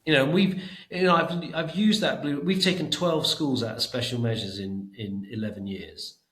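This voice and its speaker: A man's voice: mid-range voice, normal speed, a bit bright, reverberant, rough recording. A middle-aged man talking emphatically in a podcast interview as a guest, often repeating words as he thinks. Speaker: education trust chief executive, guest.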